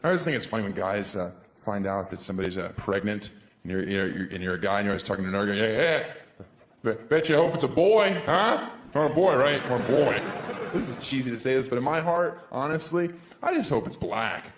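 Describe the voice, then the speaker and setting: A man's voice: mid-range voice, fast talker. Sarcastic man doing stand-up. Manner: sarcastic, deadpan asides, swoops into silly voices. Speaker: stand-up comedian. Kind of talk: stand-up comedy set. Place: comedy stage before a live audience. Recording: echoey room, crowd laughter, background noise.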